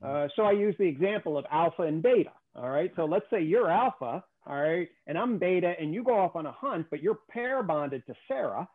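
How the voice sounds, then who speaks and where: Brief: male guest, slightly high voice, emphatic explainer, thin telephone-like sound. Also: expressive, fairly quick, few pauses. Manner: emphatic, keeps checking in with "okay?". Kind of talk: conversational lecture on theory. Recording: tinny phone-like call audio.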